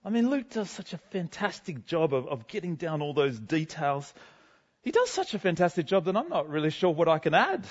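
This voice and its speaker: A man's voice: fairly high pitch, big pitch swings, fairly quick, breathy edge, highs cut off. A man playing a bubbly, chatty Barnabas. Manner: chatty, self-deprecating, bubbly. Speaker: guest speaker. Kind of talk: first-person character sermon. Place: school gym.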